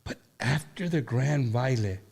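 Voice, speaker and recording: A man from Texas hosting a podcast interview, excitable and slangy, mixing in Spanish phrases. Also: mid-range voice, measured pace, vocal fry, slightly rough. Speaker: podcast host. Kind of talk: casual interview.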